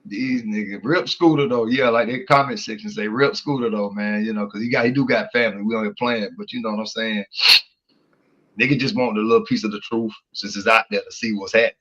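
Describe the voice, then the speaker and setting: A man trades jokes and slang with his co-hosts in loose, animated talk. His voice is bright and forceful, carried over dull, lo-fi streaming audio. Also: fairly low pitch, fast. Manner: joking, animated, heavy slang. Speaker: podcast co-host. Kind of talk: casual chat.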